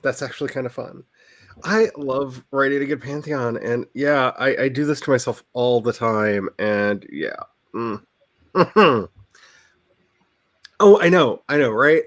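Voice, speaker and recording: A man's voice: medium pitch, measured pace, no room sound. Chatty man hosting a livestream. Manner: chatty, self-deprecating, rambling. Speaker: livestream host. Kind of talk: casual chat.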